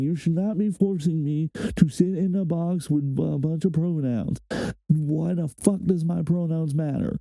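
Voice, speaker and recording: A man's voice: a little high, dark tone, no echo, rough recording. A man hosting a reaction video, ranting heatedly and swearing often. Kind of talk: casual reaction commentary.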